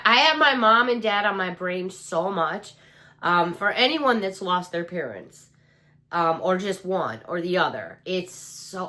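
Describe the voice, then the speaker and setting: A middle-aged woman with a Chicago accent talks through a shopping haul in a casual, chatty show-and-tell way, her nose a little stuffy. She coos over cute little items, asks viewers questions, and her voice sits at an ordinary middle pitch. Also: a bit bright. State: stuffy nose, sense of smell still recovering. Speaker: haul vlogger.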